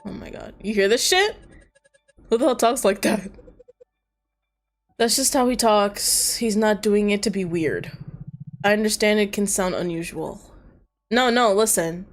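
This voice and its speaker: A woman streamer reading a story game aloud and reacting to it, swearing casually and breaking into loud laughs. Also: medium pitch, unhurried, pauses often, faint music behind.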